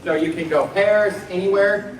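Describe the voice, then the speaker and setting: A man in the audience asking a question at a convention panel, slowly and hesitantly. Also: high-pitched, slight background noise. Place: large convention hall. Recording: echoey hall, voice from far off.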